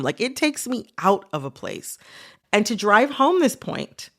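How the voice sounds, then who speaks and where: A playful woman hosts a casual interview chat. Her pitch rises and falls a lot, and she teases her guest. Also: wildly swooping pitch, normal speed, pushed and bright. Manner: playful, teasing. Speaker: host.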